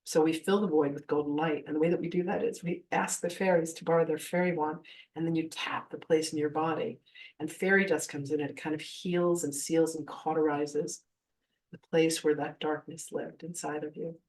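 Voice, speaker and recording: A woman's voice: sits low, moderate pace, distant mic, poor audio. A woman in her fifties, a spiritual teacher telling stories in a live masterclass and acting out the voices she quotes. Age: 50s. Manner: animated, acts out quoted voices.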